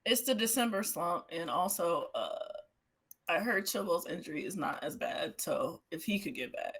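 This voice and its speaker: A woman co-hosting a podcast in casual, slangy chat, quick with opinions. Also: on the low side, expressive, a bit bright, husky. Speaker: podcast co-host.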